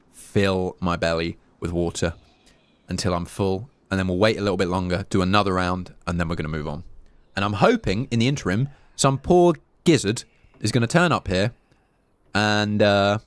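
Thanking donors by name and swearing freely, a young English man casually commentates live as he streams a survival game. His voice is low-pitched, and there is no room sound.

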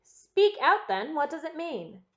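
A woman's voice: fairly high pitch, brisk, highs cut off, close to an everyday voice. A woman voicing a stern young baronet who demands answers from his butler, in an audiobook reading. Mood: angry. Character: stern young male baronet, master of the house.

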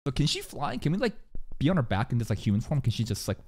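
A man streaming live, commenting on an anime episode and talking to his chat. He swears constantly and swings from loud, excited yelling to low muttering. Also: fast, background noise. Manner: talks to chat viewers.

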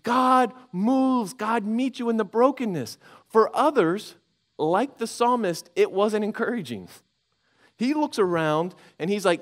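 Male pastor, sermon, slightly high voice, conversational, acts out inner voices. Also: animated, measured pace. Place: church sanctuary.

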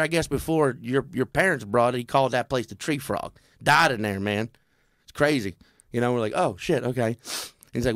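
A man's voice: medium pitch, fairly quick, a bit bright, no echo, studio quality. A man telling a comedy story in casual talk, acting out the voices of the people in it.

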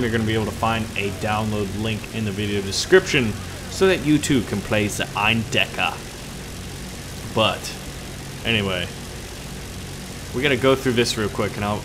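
A man's voice: mid-range voice, background noise. Upbeat man on a gaming channel. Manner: upbeat and joking. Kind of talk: flight game commentary.

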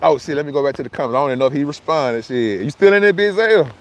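A high-pitched man in holds forth on a casual phone livestream outdoors. He is loose, profane and argumentative, calling out viewers by name and repeating his points. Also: racing. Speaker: livestream host.

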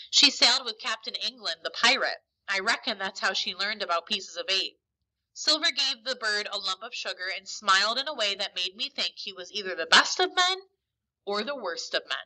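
A woman's voice: mid-range voice, sharp tone, low-quality recording. A woman teacher reading a story aloud to her class expressively, with small slips and restarts, then giving instructions.

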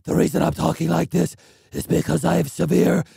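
A man voicing a brooding masked vigilante in a gravelly, husky voice. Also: on the high side, flat delivery, a little fast, mellow, no room sound, studio quality, heavily acted. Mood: grim.

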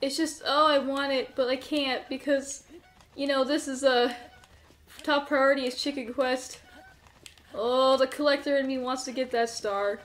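A woman's voice: sits high, fairly even intonation, a little slow. A woman hosting her own video game playthrough, chatting casually and nervously, laughing and talking to her character as she plays. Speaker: gaming channel host. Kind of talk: casual let's-play commentary.

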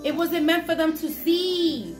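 A woman doing a spiritual reading as an emphatic, repetitive pep talk, sometimes bursting into shouts. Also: very high-pitched, a little slow. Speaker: spiritual reader channeling messages. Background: music playing.

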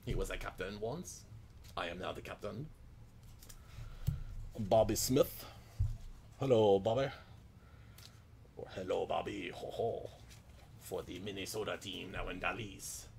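A man's voice: low voice, measured pace, vocal fry, pauses often, a little mellow, slight background noise. A man putting on a comic accent as a jolly hockey-player persona, chuckling "ho, ho" as he speaks as the players. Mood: jokey. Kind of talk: mock-accent card commentary.

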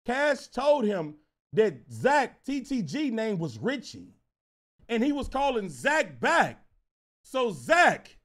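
A man telling a casual storytime, animated and profane, repeating himself as he goes. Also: high voice. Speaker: storyteller vlogger.

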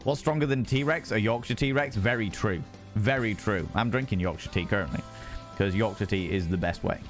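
A man's voice: lowish voice, normal speed, soft background music. A young man streaming live, chatting with viewers in a playful, sweary way and greeting them by name. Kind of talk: casual live-stream chat.

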